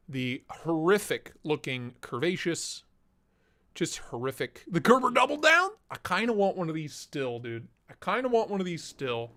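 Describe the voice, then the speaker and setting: A man's voice: on the high side, a bit bright. A young man hosting a casual live stream through a voice changer, chatting loosely and reading out chat messages.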